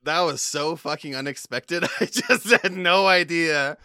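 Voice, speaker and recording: Chatty co-host, squeaky laughter, dry mic. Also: measured pace, bright, forceful tone, no echo. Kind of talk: casual chat.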